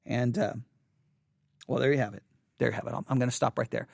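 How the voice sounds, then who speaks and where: A man hosting an informal devotional study, talking in a halting way and often repeating and correcting himself. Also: medium pitch, steady tone, gravelly, darkish tone, no room sound, clean studio sound.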